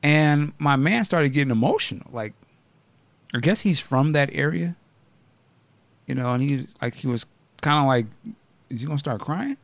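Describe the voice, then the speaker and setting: A man hosting a podcast in casual chat, blunt and animated, often laughing and asking questions. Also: on the high side, moderate pace, long pauses, no room sound. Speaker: podcast host.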